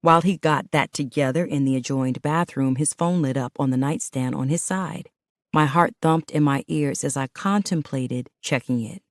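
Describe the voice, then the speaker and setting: A woman with a notably low, deep voice reads a first-person audiobook in an intimate, emotional way. The recording is dry and close, with no room sound. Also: normal speed, no echo. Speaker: audiobook narrator.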